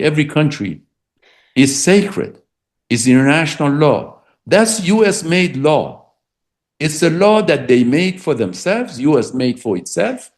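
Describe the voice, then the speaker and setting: A middle-aged man, a political science professor and English speaker, speaking emphatically in an interview and repeating words for stress. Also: on the high side. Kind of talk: academic interview.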